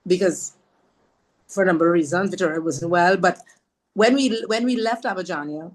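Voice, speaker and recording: A woman from Trinidad with a fairly low voice, speaking at normal speed, appears as a podcast guest. She tells a heartfelt personal story earnestly, repeating phrases for emphasis, and speaks of her faith with devout warmth.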